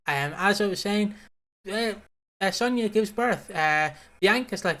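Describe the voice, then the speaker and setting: A man's voice: high voice, lively intonation, a little slow. A man co-hosting a casual podcast, reading out chat comments and recapping with many fillers. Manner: bright, hesitant, lots of fillers and laughter.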